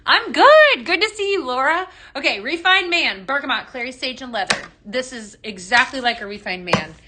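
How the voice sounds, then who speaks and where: A woman's voice: high voice, lively intonation, normal speed, bright, forceful tone, a little hiss or hum. A woman with a Texan accent hosting a casual live stream, chatty and bubbly, greeting viewers by name and laughing often. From Texas. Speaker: live-stream host mixing fragrances. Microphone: phone.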